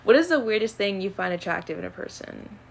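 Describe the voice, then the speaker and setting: A young woman casually answering would-you-rather questions on her own channel, chatty and animated, with plenty of fillers. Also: mid-range voice, fast, gravelly. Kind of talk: casual chat.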